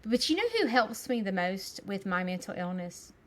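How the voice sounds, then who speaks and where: A woman, co-hosting a podcast over a video call, animated and rambling, laughing often. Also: mid-range voice, moderate pace. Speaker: podcast co-host. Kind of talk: casual chat.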